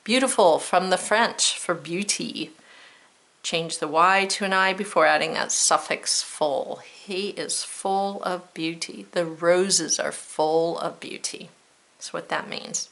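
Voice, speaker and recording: A woman's voice: fairly low pitch, slow, vocal fry, a bit bright. An American woman teaching a spelling lesson, patiently sounding out words and spelling them letter by letter.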